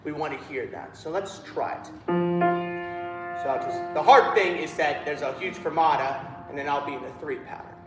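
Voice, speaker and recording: A man's voice: fairly high pitch, normal speed, roomy sound, over music, poor audio. A man leading a choir rehearsal, coaching the singers and singing phrases to show them how. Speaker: choir director.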